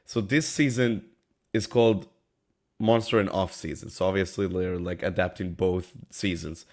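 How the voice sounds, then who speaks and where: Male podcast co-host, a bit sick and stuffy, relaxed and loose, lower voice. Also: normal speed. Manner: casual, loose, swears offhandedly. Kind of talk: casual podcast chat.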